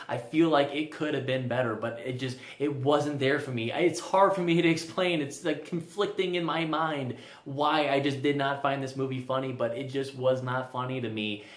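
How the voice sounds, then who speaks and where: A young man talks through a movie review in a loose, rambling way. He stumbles over repeated restarts and leans on filler words. His voice sits a little high, and the room around him sounds echoey. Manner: rambling, stammers with restarts, frequent "like". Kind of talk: casual spoken film review.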